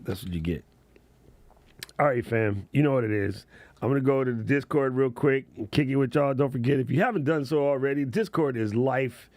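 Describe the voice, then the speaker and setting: A man's voice: medium pitch, brisk, darkish tone, dry recording. A man hosting a casual livestream chat as a content creator, laid-back and slangy, laughing often.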